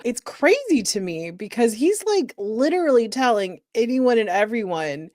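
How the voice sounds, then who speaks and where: A woman's voice: medium pitch, very animated, moderate pace, a little mellow, dry recording, studio quality. A woman co-hosting a casual podcast, chiming in with incredulous reactions. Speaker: podcast co-host. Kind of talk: casual chat.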